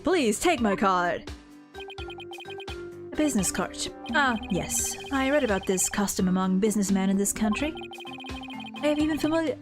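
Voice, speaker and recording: A woman voicing a calm, formal young male prosecutor who speaks in a polite, measured way while she reads game dialogue aloud. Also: sits high.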